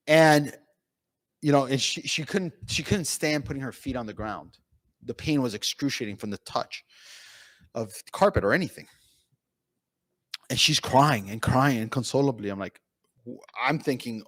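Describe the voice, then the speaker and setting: A man speaking as a pain physician at a conference, telling patient stories in an animated way with many fillers and restarts. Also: lowish voice, moderate pace, dry recording. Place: conference room.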